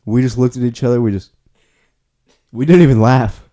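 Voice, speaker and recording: A man's voice: mid-range voice, normal speed, dark tone. A young man hosting a podcast, chatting casually and telling a rambling, laughing story with plenty of swearing. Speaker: podcast host. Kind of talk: casual chat.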